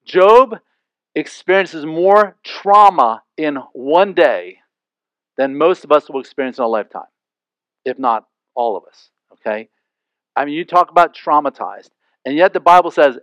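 Guy preaching a chatty sermon, lots of "okay?", a bit high, dry muffled sound. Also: lively intonation, a little slow, fairly bright tone, no echo. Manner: conversational, with frequent asides and rhetorical questions. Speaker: pastor.

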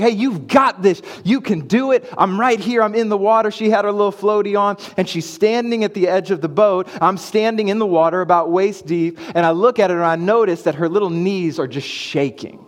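A man in his thirties, a pastor preaching a sermon and telling a family story, moving from hushed to excited. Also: high voice. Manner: storytelling, swings from hushed to hyped. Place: church sanctuary. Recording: long church hall reverb.

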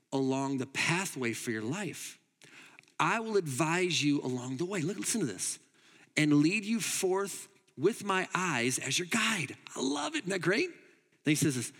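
Pastor guy preaching, kinda high voice, goes loud then quiet, big echoey church. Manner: emphatic, swings between loud urging and quiet asides. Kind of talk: sermon. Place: church hall.

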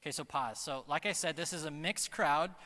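A man preaching a sermon as pastor, earnest and emphatic, slowing down to stress key phrases. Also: a little high, bright, forceful tone. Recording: long reverb of a large hall.

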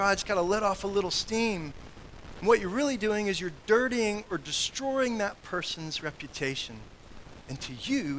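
A man preaching a sermon in an earnest manner, growing loud on key points and dropping to quiet asides. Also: a little high, slight background noise, rough recording. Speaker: pastor.

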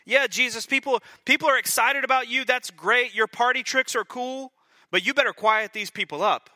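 A man voicing indignant priests who scold Jesus, shouting and sarcastic in an exasperated rant. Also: high-pitched, no room sound, pitched above the performer's own voice, exaggerated voice.

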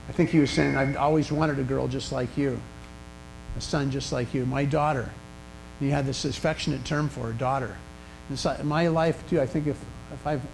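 An older man preaching a sermon in a church, telling stories in a conversational way with pauses and restarts. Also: mid-range voice, vocal fry, darkish tone, a little hiss or hum, low-quality recording. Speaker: pastor. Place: church sanctuary.

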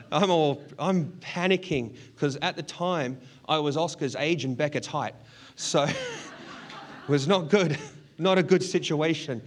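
A middle-aged man delivers a sermon as a pastor. He tells a personal story in an earnest way, laughing often. His pitch sits in a middling range.

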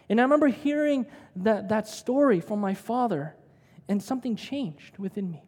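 A man's voice: sits high, dark tone. A man preaching a sermon, telling personal stories in a conversational way and often asking "right?". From United States. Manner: conversational storytelling with frequent "right?". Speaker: pastor. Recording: long hall reverb.

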